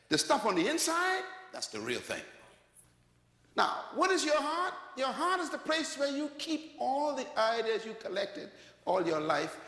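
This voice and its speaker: Preacher guy, kinda high voice, roomy echo, telling stories with laughs. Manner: animated storytelling preacher with laughs and call-outs. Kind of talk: sermon. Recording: echoey hall.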